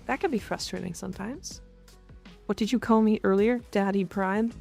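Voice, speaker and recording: A woman's voice: medium pitch, a little fast, creaky, darkish tone, faint music behind. A woman from Canada streaming live, chatting casually and frankly with her chat, with some swearing and jokes. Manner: frank, profane, joking. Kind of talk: casual chat reading and answering chat.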